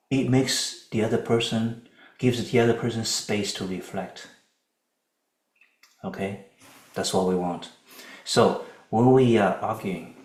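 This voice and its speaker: A man giving a Buddhist dharma lecture in a calm, conversational way, often checking in with his listeners. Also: on the low side, echoey room, poor audio. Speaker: Buddhist teacher.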